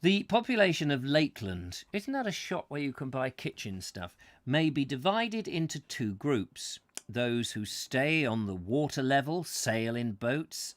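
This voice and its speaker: A man hosting a live book reading, going through the text in measured tones and adding wry asides of his own. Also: mid-range voice, no echo. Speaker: host reading a book aloud.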